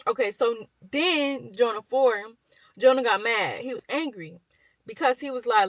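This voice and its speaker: A woman's voice: on the high side, animated, normal speed, no echo, rough recording. A young woman vlogger chatting as she retells a Bible story, with lots of fillers and slang.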